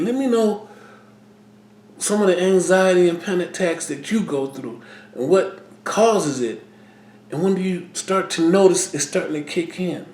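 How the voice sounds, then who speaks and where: A middle-aged man talking earnestly in a personal vlog, halting and repeating himself as he speaks. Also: on the high side, darkish tone, roomy sound. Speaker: vlogger. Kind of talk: personal vlog talk to camera.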